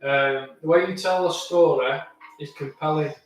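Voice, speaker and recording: A man's voice: a little high, moderate pace, recorded from a distance. A rambling, chatty man talks through viewers' comments on a live stream. His voice bounces around a very echoey room and sits a little away from the microphone. Faint music plays underneath. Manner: rambling, chatty, with many restarts and fillers. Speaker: vlogger answering live chat. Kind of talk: casual live chat.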